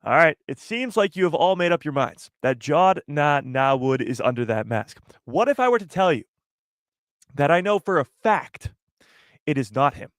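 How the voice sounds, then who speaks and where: A young man hosting a live stream chats directly to his viewers, teasing them and firing off rhetorical questions in casual commentary. His voice sits a bit high and a bit bright, with lively intonation that swings widely in pitch, at a moderate pace. The sound is dry, with no echo or room around it.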